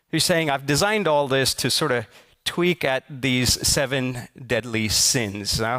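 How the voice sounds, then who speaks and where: A man from Silicon Valley, likely in his thirties, giving a conversational conference talk with personal stories, with many pauses and restarts. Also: medium pitch, a bit bright. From Silicon Valley, United States. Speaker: conference speaker. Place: conference stage.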